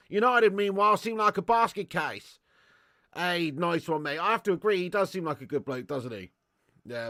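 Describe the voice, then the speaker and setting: A chummy Aussie bloke with a mock Australian accent, as a man puts him on, all mates and bros. The voice is pitched higher and louder than his usual talk and sounds close and dry. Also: no echo. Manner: chummy, peppered with mate and bro. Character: cheery matey Australian bloke.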